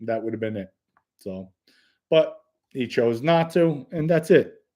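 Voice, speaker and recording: A man's voice: medium pitch, lively intonation, measured pace, warm tone. Blunt New man chatting live. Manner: blunt, matter-of-fact, reads chat comments aloud. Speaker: host answering viewer questions. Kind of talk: casual live-stream chat.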